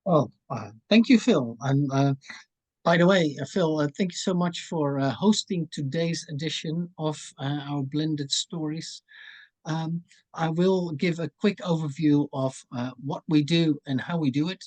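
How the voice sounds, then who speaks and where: A man who organised a webinar begins his introduction over a video call. He hesitates often with filler sounds, and his voice sits fairly high. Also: a little slow, a little mellow. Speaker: event organiser.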